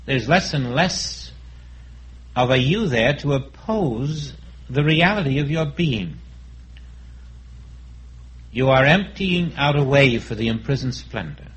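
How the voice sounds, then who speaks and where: A man giving a sermon as a spiritual teacher, speaking in a calm, reflective way and acting out inner dialogues. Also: mid-range voice, slow, pauses often, low-quality recording.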